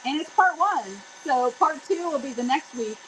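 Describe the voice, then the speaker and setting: A woman hosting a live craft stream, chatty and excitable, talking straight to her viewers. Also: high-pitched, moderate pace, slight background noise. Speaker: DIY craft host.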